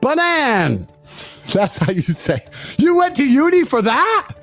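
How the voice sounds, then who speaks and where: A man in a mocking, profane rant, swinging between near-shouts and low muttering. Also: sing-song, a little slow, dry recording, soft background music. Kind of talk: ranting monologue.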